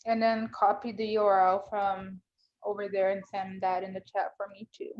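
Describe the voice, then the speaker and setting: A woman on a video call, calmly giving step-by-step setup directions in a casual tone. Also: mid-range voice, normal speed, dull audio. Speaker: tech coordinator guiding the setup.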